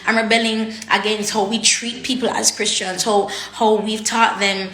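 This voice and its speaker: A vlogger talks candidly to her viewers, blunt and raw, cursing freely and weighing heavily on her words. Her medium-pitched voice is fairly bright with little pitch movement, delivered at normal speed in a reverberant space.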